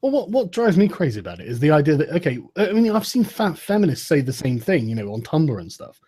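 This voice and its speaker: A man's voice: fairly high pitch, huge pitch swings, fast talker, warm tone, husky. A man in casual, profane podcast chat, laughing often and mocking with sarcastic put-on quotes.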